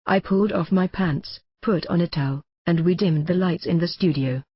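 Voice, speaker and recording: A woman's voice: fairly low pitch, moderate pace, breathy edge. A woman narrating a first-person memoir audiobook in a wry, blunt storytelling manner. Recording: dull lo-fi recording.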